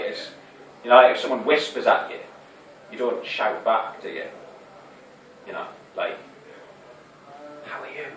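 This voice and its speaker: A man's voice: medium pitch, a bit bright. An actor playing an anxious, lovesick young man, rambling and hesitant, with many restarts, in a stage monologue. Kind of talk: theatre monologue. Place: small fringe theatre venue. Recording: echoey room, distant mic, faint hiss.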